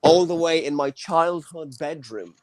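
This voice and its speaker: Young irish guy hosting a comedy show from his bedroom, a bit high pitched, quick jokey chat on a video call. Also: a little mellow, no echo. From Ireland. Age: 20s. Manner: joking, chatty stand-up delivery. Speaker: host. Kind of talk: live online comedy hosting. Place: childhood bedroom.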